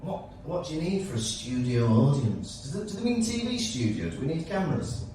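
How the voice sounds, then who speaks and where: A man's voice: mid-range voice, sing-song, a little fast, warm tone, far from the mic, slight background noise. Laughing man, echoey live room. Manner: jokey storytelling, laughs often. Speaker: podcast co-host. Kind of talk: casual live podcast chat. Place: performance space before a live audience.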